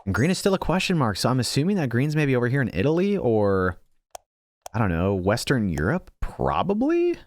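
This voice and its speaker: Huge pitch swings mark this young man's medium-pitched voice as he fairly quickly commentates his strategy game as a gaming channel host. Casual and thinking aloud, he teases himself about misplays and restarts often. The sound is dry.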